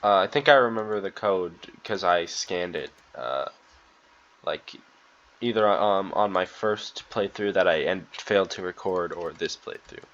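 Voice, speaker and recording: A man's voice: sits low, unhurried, fairly bright tone. A man playing through a game and reacting in loose, profane, emotional commentary. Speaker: let's-play gamer. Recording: dull lo-fi sound.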